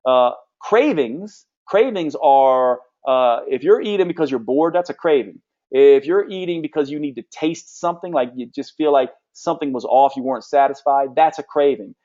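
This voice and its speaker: A man teaching a live nutrition session as a health coach, talking in a forceful, emphatic and blunt way while he answers questions. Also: medium pitch, muffled recording.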